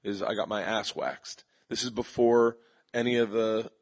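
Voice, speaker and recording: A man, a comedian guest, telling animated stories in an interview before a live audience, slipping into quick voices of other people. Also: lowish voice. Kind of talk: storytelling interview.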